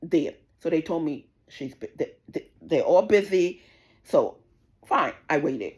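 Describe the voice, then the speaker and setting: A woman's voice: sits low, expressive, a little slow, a little mellow. A woman, ranting indignantly to camera, swearing often and repeating herself as she tells the story. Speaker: vlogger. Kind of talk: casual rant to camera.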